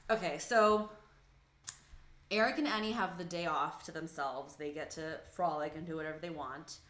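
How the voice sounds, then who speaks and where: A young adult woman co-hosting a casual podcast, recapping a show in an animated, profane way and acting out the characters' lines. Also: deep voice, moderate pace. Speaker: podcast co-host recapping a TV episode. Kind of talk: casual chat. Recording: echoey room.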